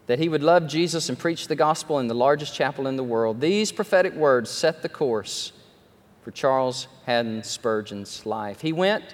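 A male pastor, his voice pitched a little high for a man. He preaches animatedly, with joking asides about himself. The sound rings with the long reverb of a large sanctuary. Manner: animated storytelling, self-deprecating asides. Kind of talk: sermon.

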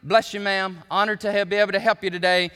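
A gracious, dignified gentleman answers softly and courteously, as a preacher acts him out. His voice drops lower and quieter than the surrounding talk. It carries a long church reverb. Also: level tone, fast, smooth. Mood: polite. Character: gracious dignified older male educator.

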